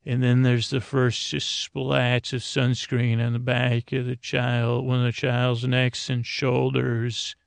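Slow gravelly man meandering through a bedtime story. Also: medium pitch, monotone, dry recording. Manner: meandering, stumbling, deliberately dull. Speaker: podcast host. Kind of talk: rambling bedtime story narration.

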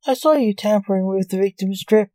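A woman voicing a blunt male grim reaper in a read-aloud story, matter-of-fact and plain, in a dry, mellow voice. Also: medium pitch, a little fast, dry recording, natural voice.

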